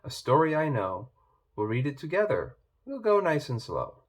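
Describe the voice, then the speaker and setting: A man's voice: a little high, sing-song, normal speed. A man reading as a kindly Little Red Hen. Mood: gentle.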